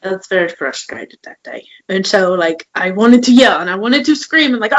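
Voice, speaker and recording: A woman's voice: mid-range voice, animated, moderate pace, hardly any pauses, a bit bright, poor audio. A woman co-hosting a podcast in casual chat, telling candid, emotional stories. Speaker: podcast co-host.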